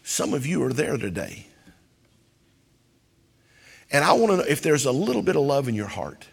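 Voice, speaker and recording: A man preaching a sermon as pastor, building to loud, impassioned cries. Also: medium pitch, wildly swooping pitch, moderate pace, vocal fry, breathy edge, in a large hall.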